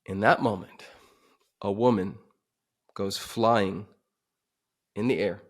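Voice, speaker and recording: Guy with a lowish voice, podcast guest telling an intense story, gets loud then goes quiet. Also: steady tone, slow. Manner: intense, swings from emphatic to hushed. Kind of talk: dramatic personal storytelling.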